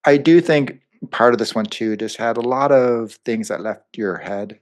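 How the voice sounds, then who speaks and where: A man's voice: mid-range voice, normal speed. A man co-hosting a movie review podcast, talking casually with lots of fillers and asides. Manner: rambling, animated, lots of fillers. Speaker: podcast co-host.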